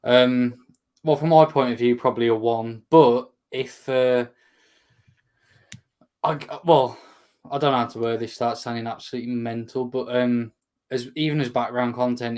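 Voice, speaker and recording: A man chats on a podcast in a casual, hesitant way, often stopping to search for the right words. His voice sits in a plain middle pitch. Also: steady tone, moderate pace, a little mellow. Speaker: podcast co-host.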